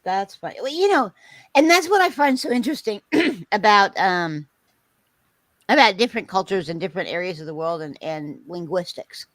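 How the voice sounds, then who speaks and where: A middle-aged woman hosting a casual chat, telling a story with lively acted-out quotes and frequent laughter. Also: medium pitch, moderate pace, no room sound, poor audio. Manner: animated storyteller, acts out quotes, laughs often. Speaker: host.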